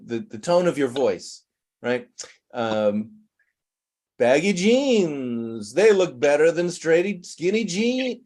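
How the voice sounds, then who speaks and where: Male english teacher, online class, animated, explains with examples, expressive rising and falling pitch. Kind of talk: live online conversation class.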